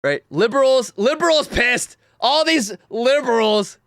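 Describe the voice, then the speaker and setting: A young man hosts a livestream, reacting to clips and talking straight to his chat. His voice is high and bright and swings widely in pitch. The sound is dry and close to the mic. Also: unhurried, dry recording. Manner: animated and mocking, talks to chat, laughs often. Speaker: livestream host.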